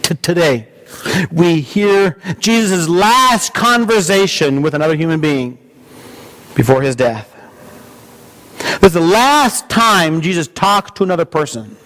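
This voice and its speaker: A male pastor preaching a sermon in an earnest, measured way, with small restarts. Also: fairly high pitch, expressive, fairly bright tone.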